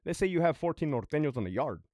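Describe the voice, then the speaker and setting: A man's voice: a little high, lively intonation, fast, darkish tone, dry recording, clean studio sound. A man who was a prison sergeant tells a story in a casual monologue, blunt and full of swearing. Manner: profane, blunt, conversational.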